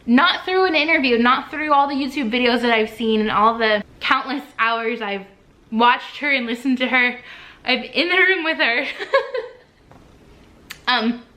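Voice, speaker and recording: A young woman tells her story straight into the camera in a bright, clear, somewhat high voice. She gushes as she talks, rushing through lots of fillers and restarts. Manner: gushing, breathless, many fillers and restarts. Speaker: vlogger.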